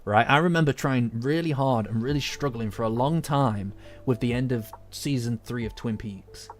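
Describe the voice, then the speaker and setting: A British man chatting casually to his stream audience, rambling, swearing and getting worked up. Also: mid-range voice. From Britain. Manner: rambling, profane, quickly agitated. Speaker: anime commentator. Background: faint lo-fi music.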